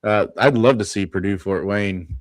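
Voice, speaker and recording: A podcast co-host with a fairly low voice talks college basketball casually on a live show, laughing often and running through scores and losses in quick lists. The recording is dry and close-miked.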